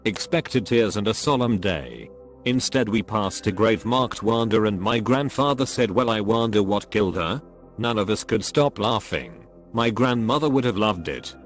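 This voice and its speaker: Man, low voice, steady scripted narration, faint music underneath. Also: moderate pace. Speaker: narrator reading online stories. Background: faint background music.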